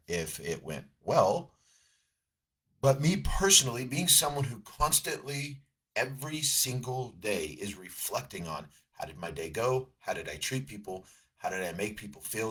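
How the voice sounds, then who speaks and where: With a lowish, fairly bright and slightly rough voice, a middle-aged coach addresses the camera from a seated position. His casual motivational talk is earnest and reflective, full of restarts.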